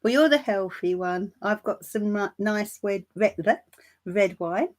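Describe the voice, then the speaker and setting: A woman hosting a tarot live stream, chatting warmly and calling viewers darling and my love. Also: mid-range voice, animated, a little slow. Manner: laughs lightly between remarks. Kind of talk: casual livestream chat greeting viewers.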